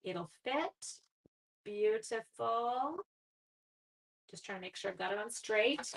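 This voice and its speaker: A middle-aged woman hosts a casual crafting livestream from home, greeting viewers by name, chatting away and poking fun at her own mistakes. Her voice is fairly high and gravelly, expressive, and she takes things slowly.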